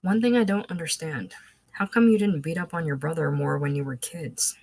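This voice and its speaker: A woman's voice: low-pitched, normal speed, darkish tone, husky, no echo. A woman reading aloud voicing a cheerful young seminary student with a Southern accent. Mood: curious. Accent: American Southern.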